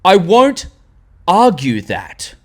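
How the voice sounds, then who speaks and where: Animated Australian man in his twenties. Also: sits high, extremely slow. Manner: animated, rambling, swearing, loses words mid-sentence. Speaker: channel host. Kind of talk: excited fan tier-list commentary.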